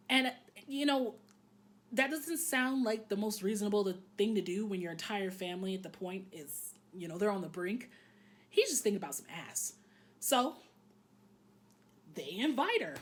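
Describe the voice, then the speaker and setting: A woman's voice: medium pitch, expressive, normal speed, pauses often. Woman doing a chatty anime recap, swears a lot, lots of um's, voice jumps around a ton. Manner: candid, joking, frequently swearing, lots of "um". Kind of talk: casual, chatty episode recap.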